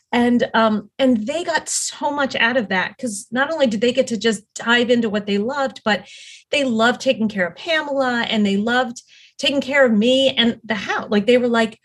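With a fairly high pitch and a moderate pace, this middle-aged woman appears as a podcast guest. She recounts her story conversationally and earnestly, wandering off track and often restarting or filling pauses.

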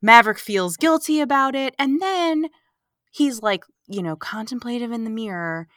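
Woman podcast host ranting through a movie recap, bright punchy voice, sarcastic, dry close mic. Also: fairly high pitch, normal speed, no room sound. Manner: animated, sarcastic, acts out characters' lines. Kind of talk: casual movie recap chat.

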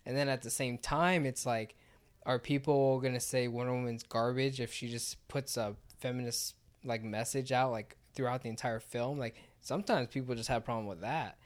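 A man's voice: medium pitch, steady tone, normal speed. A man chatting casually about films, rambling and filling his talk with "like". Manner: rambling, heavy use of "like". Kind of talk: casual chat.

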